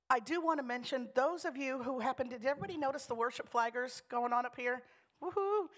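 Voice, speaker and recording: A woman who leads a communion prayer and then gives church announcements in a chatty, upbeat way, laughing and restarting her sentences. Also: fairly high pitch. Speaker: church leader giving announcements.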